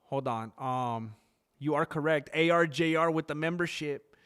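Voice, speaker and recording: A man hosting a live stream, reacting to a fight broadcast in a chatty, excitable, joking way and talking straight to his viewers. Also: a little high, normal speed, clean tone. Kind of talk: casual live-stream commentary.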